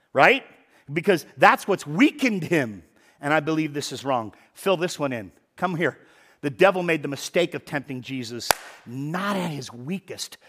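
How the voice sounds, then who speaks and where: Man, pastor, high voice, lively conversational sermon with loud emphatic bursts, church stage mic. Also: slightly rough. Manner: animated, conversational preaching with sudden loud emphasis. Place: church sanctuary.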